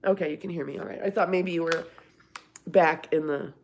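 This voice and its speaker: A woman's voice: sits low, a little fast, darkish tone, slight background noise. Chatty middle-aged woman on a livestream. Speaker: livestream host. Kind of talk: casual live-stream chat, reading viewer comments.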